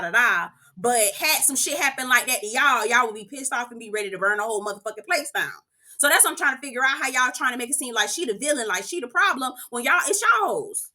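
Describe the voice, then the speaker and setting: A woman giving casual, sassy, profane commentary as she recaps a reality TV episode. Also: on the high side. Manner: sassy, profane, animated reactions to the show.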